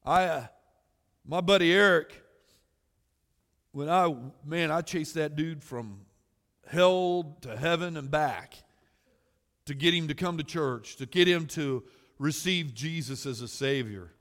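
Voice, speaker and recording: A man preaching a sermon as pastor, swinging from shouted exhortation to quiet storytelling. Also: on the high side, takes it slowly. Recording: long hall reverb.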